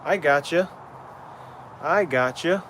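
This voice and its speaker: A man's voice: on the high side, takes it slowly, a bit bright, slight background noise. A man livestreaming while training, chatting casually with viewers and stumbling over names as he asks questions.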